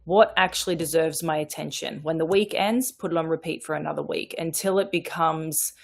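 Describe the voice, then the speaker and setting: A woman speaks on a video call in a low, gravelly voice. She guides the group gently through reflection questions she has written down. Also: fairly even intonation, a little fast. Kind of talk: casual group chat.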